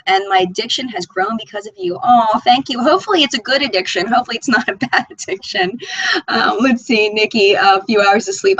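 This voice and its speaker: A woman's voice: on the high side, fairly bright tone, dry recording, rough recording. A woman hosting a live makeup chat stream, reading viewer comments aloud and gushing over them. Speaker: beauty channel host.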